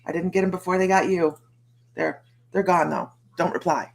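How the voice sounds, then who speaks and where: Low gravelly woman chatting on a livestream. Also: steady tone, normal speed. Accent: American. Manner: chatty, rambling, greets viewers by name. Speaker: psychic livestream host. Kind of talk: casual livestream chat.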